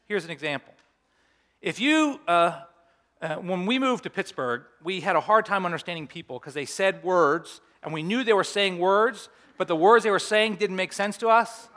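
Bright-voiced man preaching a sermon. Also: high-pitched, animated, moderate pace. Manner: conversational preaching with humorous asides. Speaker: pastor.

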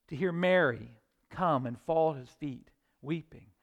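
A man delivers a sermon in a somewhat high voice. He reads scripture and acts out its voices dramatically, sinking to quiet, hushed lines and then rising to loud, forceful ones. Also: measured pace, creaky. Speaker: preacher.

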